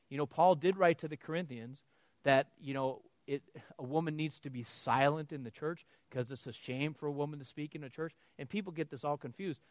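Male preacher, slightly high voice, animated anecdotal delivery with laughs, dry close recording. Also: moderate pace, dry recording. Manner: animated storytelling with laughs, acting out dialogue. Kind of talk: sermon.

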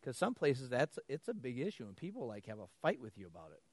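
A man's voice: medium pitch, quick pace, no echo. A man preaching a sermon, telling stories with laughter and acting out both sides of conversations. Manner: animated storytelling with laughs, acting out dialogue.

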